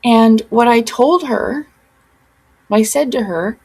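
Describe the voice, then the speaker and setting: A woman's voice: fairly high pitch, slow pace, darkish tone, breathy edge, rough recording. A woman hosting her own commentary vlog, speaking earnestly and insistently, often repeating herself for emphasis. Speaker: commentary channel host.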